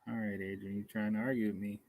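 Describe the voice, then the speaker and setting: Outdoors on a beekeeping livestream, a man chats in a rambling, casual way, hungry and tired, chuckling as he reads comments aloud. His voice sits on the low side, level and darkish, at a quick pace, with poor audio.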